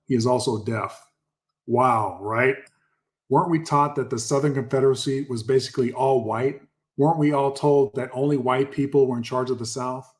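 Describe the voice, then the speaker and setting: A man's voice: medium pitch, a little mellow. A man hosting a history channel, reading old articles aloud and stopping to stress and repeat key words for his viewers.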